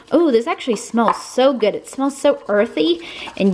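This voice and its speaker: A woman's voice: sits high, expressive, normal speed, darkish tone, slight background noise. A young woman with a regional accent giving a chatty, upbeat recipe demonstration, with self-deprecating asides. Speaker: cooking vlogger.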